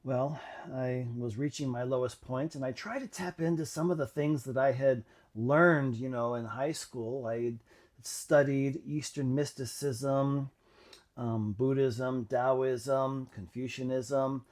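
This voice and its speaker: A man telling his own faith story in a reflective, halting way, with many pauses and fillers. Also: mid-range voice, steady tone, a little mellow. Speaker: channel host. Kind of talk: personal testimony monologue.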